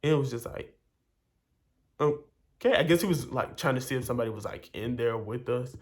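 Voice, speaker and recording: A man's voice: medium pitch, normal speed. A young man vlogging, telling a long personal story in a chatty way, full of fillers and acted-out quotes. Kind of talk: casual storytelling.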